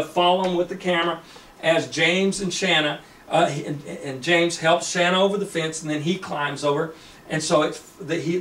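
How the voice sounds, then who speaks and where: A man's voice: fairly high pitch, a bit bright, a little hiss or hum. A man casually retelling a story, rambling with many fillers and restarts. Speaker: storyteller pitching a screenplay. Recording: echoey room, distant mic.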